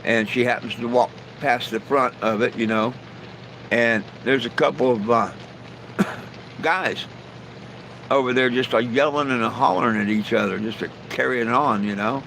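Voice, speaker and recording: A man hosts a casual live stream and tells jokes in a folksy, rambling style. His voice sits at an ordinary middle pitch, with a faint hiss behind it. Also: fairly even intonation, normal speed, vocal fry, fairly bright tone, low-quality recording. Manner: folksy, rambling storyteller with frequent "you know". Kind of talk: casual joke telling.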